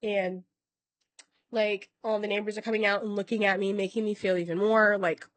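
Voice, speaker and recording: A woman at a medium pitch talking to camera in a casual, rambling way, often stopping to correct herself and dropping the odd swear word. The sound is close and dry, with no room around her. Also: level tone, moderate pace, dry recording. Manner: acts out other people's lines in quoted voices. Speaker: vlogger.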